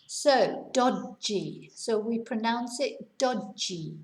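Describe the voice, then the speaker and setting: Slow, careful woman teaching slang. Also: a little high, expressive, darkish tone, roomy sound. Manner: slow, deliberate, repeats each example twice; explains in simple words, mixes in Spanish. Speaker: English teacher. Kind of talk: language lesson.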